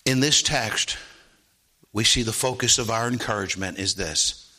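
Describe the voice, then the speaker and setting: A man preaching a sermon, often asking the congregation "Amen?" and swinging from hushed tones to loud rising calls. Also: lowish voice, moderate pace. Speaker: pastor.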